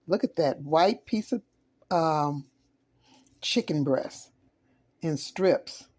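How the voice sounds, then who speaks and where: A woman's voice: low-pitched, expressive, drawn-out words, darkish tone. A woman with a Southern US accent, hosting a casual cooking vlog, gushing and exclamatory as she tastes food on a phone camera and chats with viewers. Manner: talks while eating. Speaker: home cook, channel host.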